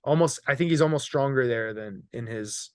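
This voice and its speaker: A man's voice: medium pitch, moderate pace, a little mellow, dry recording, clean studio sound. A young man hosting a casual comedy podcast, telling rambling joking stories and laughing often. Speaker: podcast host.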